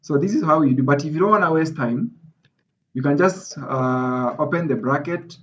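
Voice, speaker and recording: A man's voice: a little high, moderate pace. A man teaching an online class, emphatic and repeating his points for stress, heard over a video call. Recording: slightly dull video call audio.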